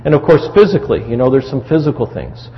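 A man's voice: mid-range voice, big pitch swings, fast talker, a little hiss or hum. A middle-aged man preaching a conversational sermon on marriage, with frequent asides to the congregation. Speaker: pastor. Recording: dull lo-fi recording in a reverberant hall.

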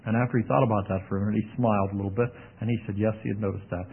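A man's voice: on the low side, steady tone, very fast, gravelly, breathy edge. A man preaching a sermon in a folksy, emphatic way, with wry asides. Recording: tinny narrow-band radio broadcast.

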